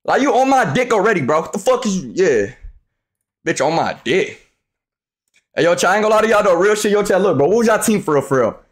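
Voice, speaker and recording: Loud, profane young man streaming. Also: high voice, big pitch swings, fast talker. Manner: loud, profane, trash-talking, often shouting. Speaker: live streamer. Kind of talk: hyped live-stream chat with viewers.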